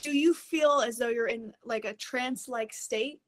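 A woman's voice: on the high side, normal speed. A woman hosting an interview, asking questions in an empathetic way. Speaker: podcast host. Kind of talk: casual interview talk.

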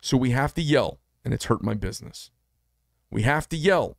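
A podcast host in his fifties presents a solo commentary show in a middle-pitched, expressive voice with vocal fry, at a moderate pace. He speaks passionately and emphatically, often repeating himself to drive points home, in a dry, close recording with no room sound.

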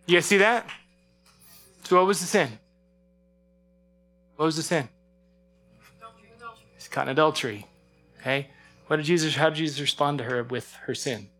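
A man's voice: fairly high pitch, moderate pace, long pauses, bright, forceful tone, faint music behind. A man preaching a sermon in a conversational way, often asking his listeners questions. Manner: conversational, asks the audience questions.

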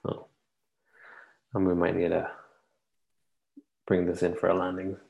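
Low gravelly man, casual podcast chat. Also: monotone, unhurried, a little mellow, low-quality recording. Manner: rambling, hesitant with frequent restarts. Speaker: podcast co-host.

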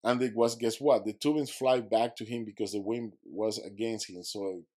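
A man's voice: on the low side, fairly even intonation, moderate pace, a little mellow. A man who is a podcast guest, telling a vivid story and acting out his own quotes, in slightly broken English.

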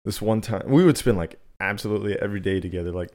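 A man's voice: fairly low pitch, fast talker, a little mellow. A young man co-hosting a podcast, laid-back and laughing often, swearing as he tells a story. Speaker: podcast co-host. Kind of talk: casual podcast chat.

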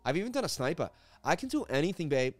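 A man's voice: on the high side, sing-song, quick pace, soft background music. A man doing a cocky Boston movie-star brag. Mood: cocky bragging. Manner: swaggering, bragging, calls listener babe. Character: boastful male tough-guy movie star, cocky.

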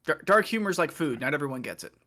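A man's voice: a little high, lively intonation, fast, pushed and bright. A man co-hosting a casual comedy podcast, playful and eager to explain trivia. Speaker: podcast co-host.

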